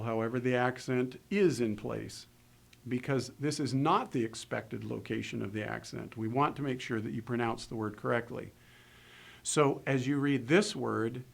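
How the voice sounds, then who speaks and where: A man giving a recorded lesson on grammar, explaining step by step in a measured way with pauses. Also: mid-range voice, creaky. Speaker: Hebrew grammar instructor. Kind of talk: recorded lecture.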